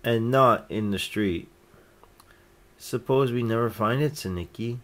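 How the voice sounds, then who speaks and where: A man reading a children's picture book aloud, gently lifting his voice for each character's lines. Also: medium pitch, measured pace. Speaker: storyteller.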